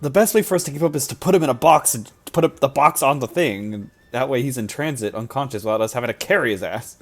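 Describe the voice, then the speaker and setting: A man's voice: medium pitch, fast talker. A man playing a tabletop game, joking and laughing as he talks. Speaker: player. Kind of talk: casual tabletop play.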